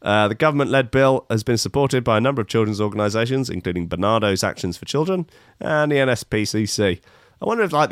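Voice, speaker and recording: A man's voice: on the low side, a bit bright, clean tone, dry recording, clean studio sound. A man hosting a podcast, reading out news stories and riffing on them in a rambling, sarcastic way full of restarts. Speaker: podcast host. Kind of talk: comic news commentary.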